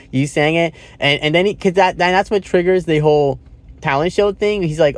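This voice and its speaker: A man's voice: on the high side, sing-song, unhurried, pauses often. A man talking through a movie review in a casual, rambling way, swearing now and then and laughing often.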